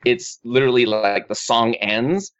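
This man's mid-range voice is a little slow and fairly bright as he rambles through his news to friends in a casual group chat, stumbling over restarts and fillers. The recording is dry, dull and lo-fi.

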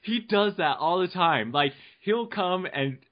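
A man's voice: sits high, lively intonation, a little slow, noisy background. A young man hosting a family podcast, talking easily, laughing and rambling through his thoughts. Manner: easygoing, laughing, rambling with restarts. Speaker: podcast host. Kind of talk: casual podcast chat. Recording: dull lo-fi podcast audio.

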